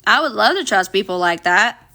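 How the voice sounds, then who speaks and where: This young woman sounds expressive and a little fast, her medium-pitched voice sharp. She's livestreaming casually from her phone, reading viewers' comments out loud and talking back to them bluntly with plenty of cursing.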